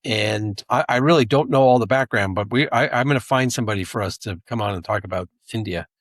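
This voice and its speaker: A man's voice: fairly low pitch, fast talker, no echo. Rambling male podcast co-host. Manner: rambling, with restarts and asides. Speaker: podcast co-host, intelligence analyst. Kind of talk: casual podcast chat.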